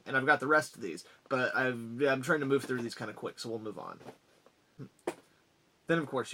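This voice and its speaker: A man's voice: medium pitch, pushed and bright, a little hiss or hum. A man in a casual vlog, enthusiastically rambling as he rattles off items from his collection one after another.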